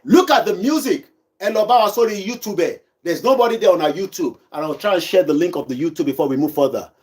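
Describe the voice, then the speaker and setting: Yoruba-accented nigerian guy livestreaming from his kitchen, highish voice, preachy and pushy. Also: lively intonation, quick pace, a little mellow. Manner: switches between English and Yoruba, exhorting. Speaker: online activist show host. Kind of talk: livestream commentary. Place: kitchen at home.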